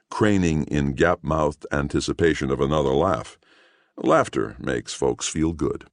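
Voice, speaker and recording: A man narrating an audiobook in a measured storytelling manner. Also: a bass voice, dry recording, studio quality. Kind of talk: scripted narration.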